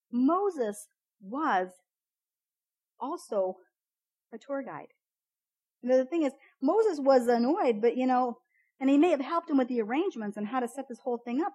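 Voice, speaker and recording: A woman giving a casual, chatty devotional Bible teaching, often repeating "you know, the thing is" and jumping up in pitch when acting out quotes. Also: darkish tone, low-quality recording.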